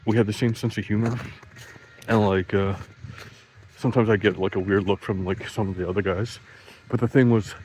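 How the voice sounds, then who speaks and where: A man's voice: lowish voice, fairly even intonation, fairly quick, long pauses, darkish tone, slight background noise, rough recording. A man telling rambling stories in a casual monologue, full of "like" and restarts, swearing freely and laughing at his own jokes. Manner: swearing freely, voice jumps up when quoting himself.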